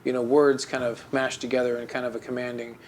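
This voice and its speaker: A man's voice: medium pitch, flat delivery, fast. A man co-hosting a podcast, chatting casually and telling a story with mock melancholy, full of fillers and restarts. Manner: rambling, with many fillers and restarts. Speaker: podcast co-host. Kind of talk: casual chat.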